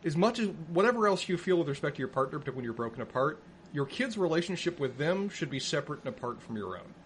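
A man co-hosting a podcast, giving wry, measured opinions while recapping a TV episode. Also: a little high, very animated, slight background noise. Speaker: podcast co-host. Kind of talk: casual chat recapping a TV episode.

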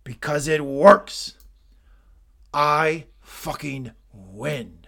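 A man putting on the voice of a ruthless older tycoon father, reading his lines in a loud, sneering, drawn-out way. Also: on the high side, lively intonation, vocal fry, heavily acted. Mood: scornful.

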